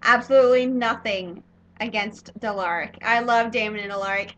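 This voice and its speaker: A young woman's bright, fairly high voice tumbles through a fan review of a TV episode, full of filler words and restarts. She gushes and rambles rather than reads. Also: normal speed, a little hiss or hum, poor audio. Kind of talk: casual spoiler review monologue.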